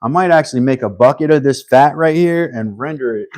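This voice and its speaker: A man with a medium-pitched, slightly mellow voice hosts a casual live stream, thinking aloud as he works. He comes across as humble and a bit halting, often restarting his sentences.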